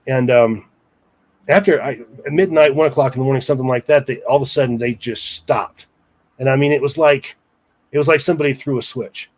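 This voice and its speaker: A man's voice: medium pitch, a little fast. A man recounting a personal story in a casual interview, rambling with asides to the listener. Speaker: guest storyteller.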